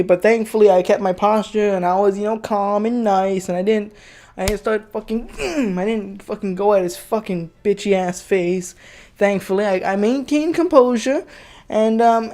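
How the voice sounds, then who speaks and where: A man's voice: high voice, a little mellow. A young man rants through a storytime, swearing constantly and piling on fillers and restarts. His delivery is heated and crude, circling back to repeat his complaints. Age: young adult. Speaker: channel host telling a personal story. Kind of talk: profane storytime rant.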